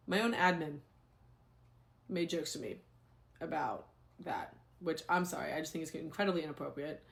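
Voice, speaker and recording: A young adult woman, a former teacher, telling a story in a casual, animated, exasperated way. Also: fairly low pitch.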